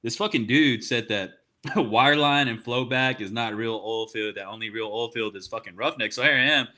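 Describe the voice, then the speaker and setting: A man's voice: medium pitch, moderate pace, sharp tone. A man chatting casually on a podcast, telling rambling stories full of swearing and getting heated. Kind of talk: casual profane chat.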